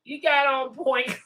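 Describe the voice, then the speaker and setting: A woman's voice: sits high, sharp tone, a little hiss or hum, poor audio. Sassy woman hosting a livestream. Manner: sassy, talks back to chat with laughs. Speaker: livestream host. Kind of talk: casual livestream chat.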